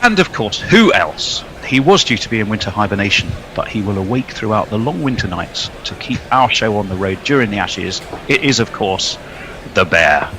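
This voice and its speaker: Lively jokey male podcast host. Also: fairly low pitch, normal speed, background noise. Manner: jokey, introduces guests with playful billings. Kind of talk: casual podcast chat.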